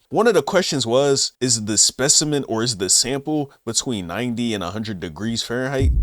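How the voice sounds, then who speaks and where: A young vlogger with a medium-pitched voice tells a story casually in slang, acting out the lines of the people he quotes in an animated way. The recording is dry, with clean studio sound.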